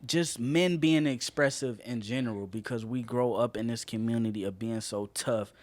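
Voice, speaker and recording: A man's voice: mid-range voice, normal speed, darkish tone, no room sound. A man co-hosting a casual podcast, ranting passionately and swearing a lot. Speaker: podcast co-host.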